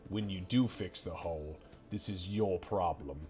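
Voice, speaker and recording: A man's voice: sits low, measured pace, a little mellow, faint music behind. A man putting on a cursing, bossy tavern keeper. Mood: grumbling. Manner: swears constantly, blunt and bossy. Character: foul-mouthed gruff male tavern keeper.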